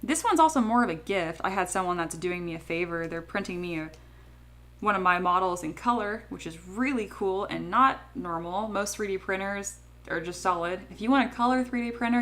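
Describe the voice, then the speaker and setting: A woman's voice: on the low side, fairly bright tone. A young woman from California chatting casually while she works on a livestream, rambling and laughing often. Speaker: 3D sculptor streaming her work.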